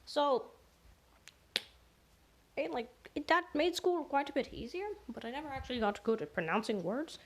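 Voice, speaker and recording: A woman's voice: expressive, moderate pace, long pauses. A woman rambling through a jokey mock stand-up monologue, correcting herself as she goes. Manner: rambling, self-correcting, jokey, pitch swinging up and down. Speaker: solo comedic rambler.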